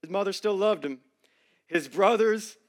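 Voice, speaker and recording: A high-pitched man preaches from a church stage. His sermon is conversational and full of jokes, and his voice swings between loud emphasis and quiet asides. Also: a little slow. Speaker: pastor.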